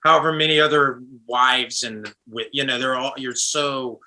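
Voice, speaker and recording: A man's voice: medium pitch, normal speed, pushed and bright. A man guest musician chatting casually in an interview, rambling with lots of restarts and fillers.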